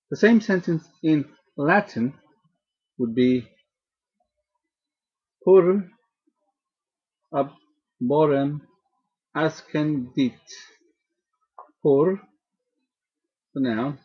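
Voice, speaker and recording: Slow, husky male language teacher. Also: mid-range voice, highs cut off. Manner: slow, repeats each word to drill pronunciation. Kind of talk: slow spoken grammar lesson.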